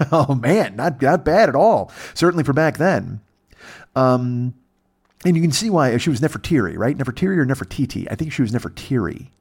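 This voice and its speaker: A man's voice: mid-range voice, very animated, normal speed, darkish tone, husky. A man hosting a podcast, telling a rambling, profane comic story that keeps drifting off track. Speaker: podcast host. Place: temporary setup away from home.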